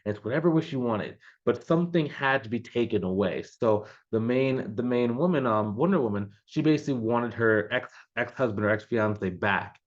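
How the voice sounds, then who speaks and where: A man's voice: medium pitch, lively intonation, normal speed, few pauses, muffled recording. A man coaching business owners in a loose, conversational way, with many fillers and restarts. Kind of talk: casual advice talk to camera.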